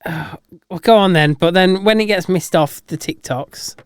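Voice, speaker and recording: A man's voice: high-pitched, normal speed, smooth, no room sound. Easygoing man co-hosting a podcast. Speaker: podcast co-host. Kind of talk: casual chat.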